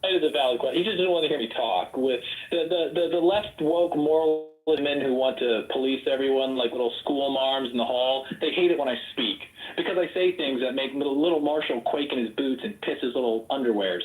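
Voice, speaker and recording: A man running for office, arguing loudly and combatively in a heated voice-chat debate. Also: mid-range voice, a little fast, few pauses, echoey room, poor audio. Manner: loud, ranting, combative. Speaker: political candidate.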